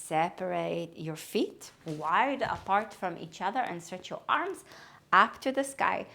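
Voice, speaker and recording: Yoga teacher lady, soft calm cues, kinda low voice. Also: unhurried, creaky. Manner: calm, gentle guiding cues. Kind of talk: guided yoga instruction.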